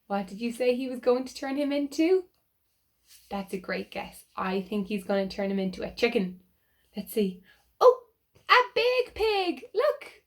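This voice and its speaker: A woman reading a picture book aloud to children, animated and asking them questions. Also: mid-range voice. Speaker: children's storyteller.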